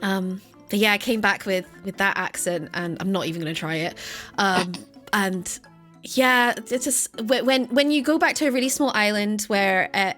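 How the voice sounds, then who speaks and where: A woman's voice: medium pitch, a bit bright. A woman from Scotland with a light Scottish accent blended with English, chatting casually as a new presenter, giggly and self-deprecating. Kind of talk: casual chat.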